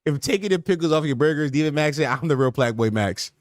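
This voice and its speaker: Sex: man. Role: podcast host. Style: casual streaming chat. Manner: animated, slang-heavy riffing. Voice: high, lively pitch. Sound: dry and close. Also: fast talker, no room sound.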